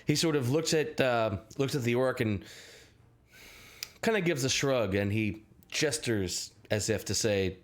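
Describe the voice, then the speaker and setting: Scattered male game master narrating. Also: medium pitch. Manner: scattered, halting, lots of restarts. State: sick. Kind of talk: narrating a tabletop game on a live stream.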